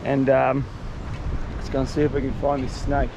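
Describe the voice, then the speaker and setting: A young man, vlogging outdoors in the bush, rambling excitedly in casual slang. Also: mid-range voice, moderate pace, creaky, noisy background. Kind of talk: casual outdoor vlog narration.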